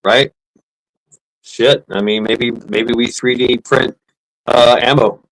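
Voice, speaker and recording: A man with a gravelly, rough-edged voice hosts a casual live stream. He rambles through his points with plenty of fillers and false starts, stopping to thank viewers and answer their comments. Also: mid-range voice, fairly even intonation, slow pace, a bit bright, poor audio. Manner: rambling, many fillers and restarts, reads out chat. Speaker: livestream host. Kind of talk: casual livestream chat.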